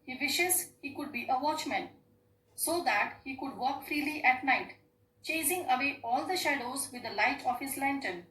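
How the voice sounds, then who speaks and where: A woman's voice: high voice, expressive, moderate pace, pushed and bright. A woman teaching an English lesson to schoolchildren in Indian English, explaining step by step and repeating key points. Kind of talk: classroom lesson. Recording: echoey room with faint hum.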